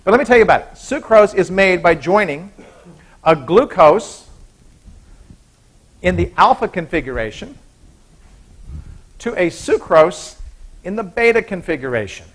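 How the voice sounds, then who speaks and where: A man's voice: sits high, very animated, normal speed, pauses often. A man giving a university biochemistry lecture in a chatty way, often stopping to correct himself. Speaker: biochemistry professor.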